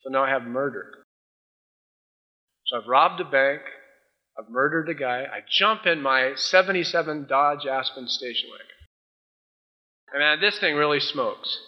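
A man's voice: medium pitch, measured pace, long pauses. A man preaching a sermon as a pastor, telling a story with energy and acting out the voices of a judge and a defendant. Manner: animated storytelling, acting out both sides of a courtroom scene. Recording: dull lo-fi sound.

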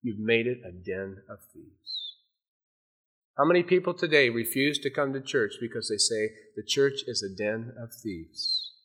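A man preaching a sermon, animated, often dropping to a hushed, intense voice for emphasis. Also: medium pitch, measured pace. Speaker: pastor.

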